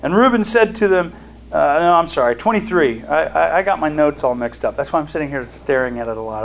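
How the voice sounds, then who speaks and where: A man teaching a Bible study in a conversational way. He reads scripture aloud and pauses to explain it, with fillers and restarts. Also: on the high side, expressive, gravelly, slight background noise, poor audio. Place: seated, studying notes.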